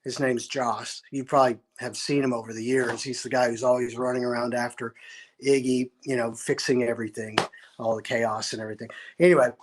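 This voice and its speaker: A man's voice: mid-range voice, level tone, a little fast, slight background noise. A man, a musician, telling a long story in an interview, acting out quotes and often restarting his sentences. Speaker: musician guest.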